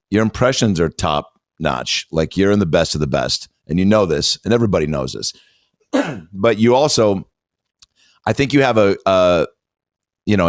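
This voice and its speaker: A male podcast host with a very low voice talks with a guest in a relaxed, joking way. His pitch moves around a lot as he speaks. The sound is dry and close to the mic. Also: dry recording. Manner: joking, laid-back, says "dude". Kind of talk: casual podcast interview.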